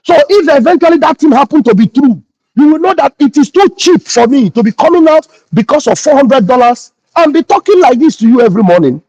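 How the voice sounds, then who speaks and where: Very high-voiced scolding man. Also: lively intonation, a little fast, a little mellow, no echo, dull audio. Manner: indignant, scolding, repeats phrases. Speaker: pastor and online host. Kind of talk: morning livestream address.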